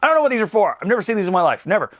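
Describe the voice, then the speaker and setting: A man in his thirties giving a casual, comedic movie recap, animated and rambling. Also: sits high, racing, no room sound. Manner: animated, rambling, laughs at his own jokes. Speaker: movie reviewer.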